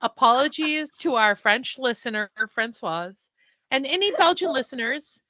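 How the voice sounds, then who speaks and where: A woman's voice: high voice, animated, a little slow, pushed and bright, no echo. A woman in her fifties co-hosting a podcast, chatting animatedly and swearing casually. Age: 50s. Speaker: podcast co-host. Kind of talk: casual chat.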